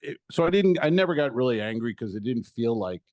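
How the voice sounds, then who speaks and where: A man co-hosting a comedy podcast, retelling a frustrating errand in an animated, swearing, storytelling way and acting out both sides of the exchange. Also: medium pitch, quick pace, dry recording. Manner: swears casually, laughs often. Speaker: podcast co-host.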